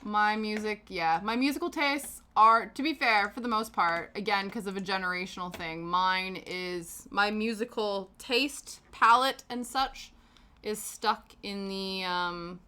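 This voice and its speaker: Casting: woman host on a live stream, bright, crisp tone, loose rambling chat with viewers. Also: mid-range voice, measured pace. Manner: chatty and rambling, answering chat with frequent laughs. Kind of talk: casual chat while knitting on stream.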